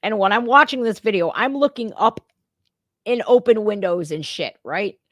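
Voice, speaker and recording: A woman's voice: mid-range voice, lively intonation, normal speed, dry recording. Woman, reaction host, blunt and profane, dry close sound. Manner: blunt and profane, talks straight to viewers. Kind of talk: casual reaction commentary.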